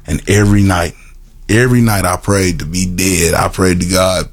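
Deep-voiced man telling his story haltingly. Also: steady tone. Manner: halting, repetitive storytelling with many restarts and fillers; earnest and emotional, laughs at himself. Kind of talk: personal testimony to a group.

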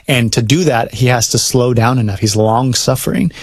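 A man's voice: mid-range voice, normal speed, dry recording, clean studio sound. A man in casual conversation, earnest and reflective, talking about parenting and faith as a dad, with a few fillers as he thinks aloud. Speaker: guest speaking as a dad.

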